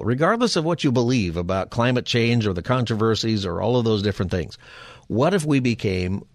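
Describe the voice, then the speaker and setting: In a clean studio with no room sound, a low-voiced man from Southern California hosts a call-in radio talk show. He wanders between topics, dropping wry, folksy asides.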